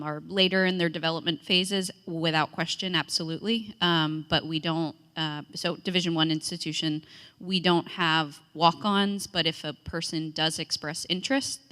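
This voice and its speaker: Woman coach on a panel, low and clear, crisp tone, hall reverb. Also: fairly even intonation, pushed and bright. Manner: measured, frank. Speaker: Division One coach. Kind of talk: panel discussion.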